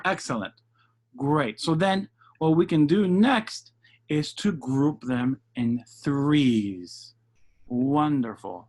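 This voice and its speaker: A man teaching jazz piano in an online lesson, patiently explaining rhythm step by step and counting beats aloud over a video call. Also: a little high. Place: home setup for a virtual session.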